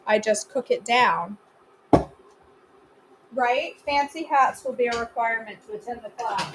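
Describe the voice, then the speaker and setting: A woman runs a live cooking class from her home kitchen, chatting casually and answering viewer comments while she cooks. Her voice is a little high, with background noise.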